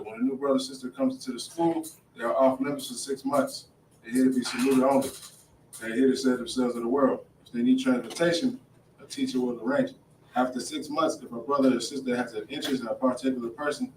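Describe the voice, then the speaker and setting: A man reading out class announcements in a brisk, matter-of-fact way, in an indoor classroom. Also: mid-range voice, darkish tone. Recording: roomy, distant mic, faint noise.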